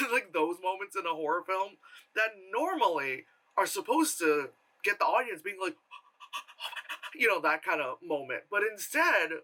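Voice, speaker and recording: Bright-voiced man rambling a film review. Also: high voice. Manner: rambling, sarcastic, full of fillers. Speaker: movie reviewer. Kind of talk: casual spoken film review.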